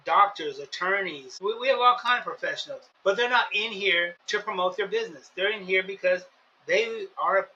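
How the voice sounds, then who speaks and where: A man's voice: sits high, bright, forceful tone, lo-fi sound, slight background noise. A man hosting a podcast, giving earnest, repetitive, preacher-like advice on communication. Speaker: podcast host. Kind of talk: motivational podcast talk.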